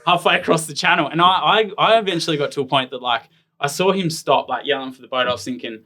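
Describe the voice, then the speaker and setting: A man's voice: on the high side, quick pace, pushed and bright. An Australian man in his thirties, a guest telling stories in a casual interview, rambling with lots of "like" fillers. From Tasmania, Australia. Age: 30s. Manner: rambling, filler-heavy "like" storytelling. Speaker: guest, professional ironman athlete.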